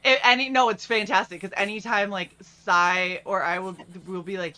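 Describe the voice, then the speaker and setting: A bright, clear-toned woman co-hosting a relaxed evening chat stream. She talks in quick, rambling bursts, restarting sentences and piling on fillers. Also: medium pitch. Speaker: stream co-host. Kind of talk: casual chat. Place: home streaming setup.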